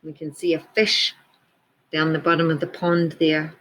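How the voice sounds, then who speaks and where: A woman teacher reading a picture book aloud to children, gently pointing out details in the pictures as she goes. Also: sits low, level tone, moderate pace, slight background noise, poor audio.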